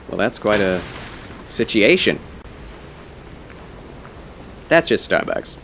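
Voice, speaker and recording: A man streaming a game live, chatting casually and politely with his viewers, with quick laughs and muttered asides. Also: lowish voice, sing-song, fairly bright tone, a little hiss or hum. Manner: chatty, answers chat, playful and polite.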